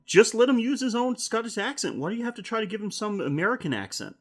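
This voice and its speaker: A man's voice: sits high, sing-song, quick pace, a bit bright. A man co-hosting a horror film podcast in casual chat, rambling, swearing and laughing often. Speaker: podcast co-host.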